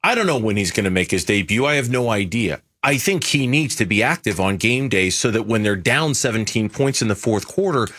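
A man's voice: on the low side, lively intonation, fairly quick, few pauses, a bit bright, slightly rough. A man co-hosting a sports radio show, who stammers into his points and then argues them firmly. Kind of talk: casual sports talk.

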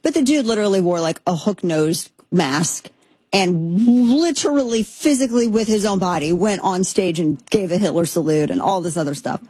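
A woman in her thirties or forties hosting a commentary show, talking in an animated, sarcastic and rambling way with many restarts. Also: lowish voice, moderate pace, husky, no echo. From Texas, USA. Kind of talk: opinionated monologue commentary.

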